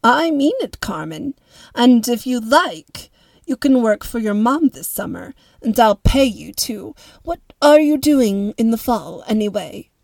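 A woman's voice: a little high, big pitch swings, measured pace, creaky, a little mellow, no echo, exaggerated voice. Woman doing a formal, fretful rich older lady. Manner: formal and precise.

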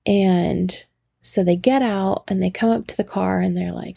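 Podcast lady in her 30s rambling through a story, warm dark voice, lots of asides. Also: medium pitch, steady tone, unhurried, vocal fry, breathy edge, dry recording. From Washington state. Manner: rambling, self-interrupting, laughs at herself. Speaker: podcast host. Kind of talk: casual storytelling.

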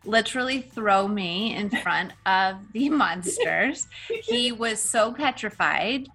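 A woman co-hosting a mom podcast, chatting casually and telling stories with animated, laughing exaggeration. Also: medium pitch, slow, soft background music. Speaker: podcast co-host. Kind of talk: casual chat.

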